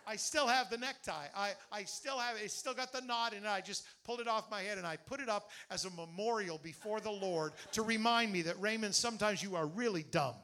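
A male pastor preaching an animated sermon, telling stories and leading the congregation in call-and-response. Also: high-pitched, fairly quick, few pauses.

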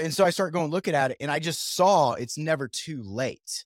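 A man's voice: on the high side, lively intonation, fast, few pauses, dry recording. Male podcast host, casual chat, rambling, lots of fillers, dry sound.

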